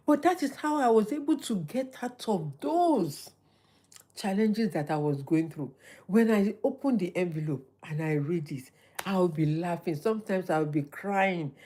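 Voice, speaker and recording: A middle-aged woman runs a motivational livestream, talking at a normal pace with medium pitch. She sounds lively and preachy and keeps repeating phrases for emphasis.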